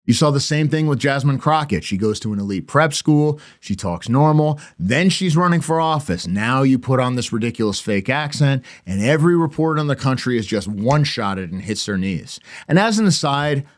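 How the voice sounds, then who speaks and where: A man's voice: mid-range voice, animated, normal speed, hardly any pauses. A middle-aged man hosting a podcast, delivering opinionated commentary with sarcastic, mocking asides. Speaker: podcast host.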